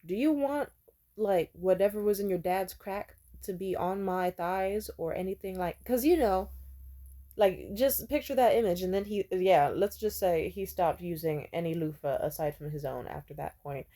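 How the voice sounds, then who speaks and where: A woman's voice: fairly low pitch, normal speed, warm tone. A young woman telling candid stories in a vlog, frank and profane, and she slips into mocking voices to quote people. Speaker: vlogger. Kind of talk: candid storytelling monologue.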